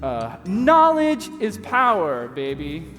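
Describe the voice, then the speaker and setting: A man's voice: high-pitched, huge pitch swings, slow, fairly bright tone, full character voice. An actor playing a boastful, goofy barista who rambles and laughs at his own jokes in a live comedy sketch. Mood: rambling. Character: boastful goofy male barista know-it-all. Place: church hall before an audience. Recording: live hall reverb, faint music.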